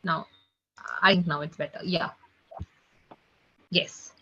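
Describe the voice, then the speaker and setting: Bright-voiced woman teaching on a video call. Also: fairly low pitch, steady tone, slow pace, breathy edge. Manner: chatty, keeps saying guys and okay. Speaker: online French tutor. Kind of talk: live online class. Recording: muffled video call audio.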